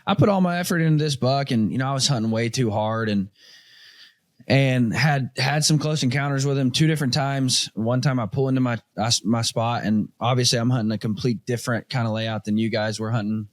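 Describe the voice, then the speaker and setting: A man's voice: medium pitch, fairly quick. A man spins a rambling story in an easygoing talk-show manner, jumping into other people's voices along the way. His voice sits in a middle register. The sound is close and dry, with no room echo. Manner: animated storyteller, acts out quoted voices. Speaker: podcast host. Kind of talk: casual hunting story chat.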